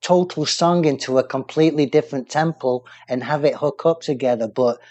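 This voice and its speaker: A man's voice: medium pitch, a little fast, darkish tone. Rambling enthusiastic man co-hosting. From England. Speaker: radio show co-host. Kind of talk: casual music chat.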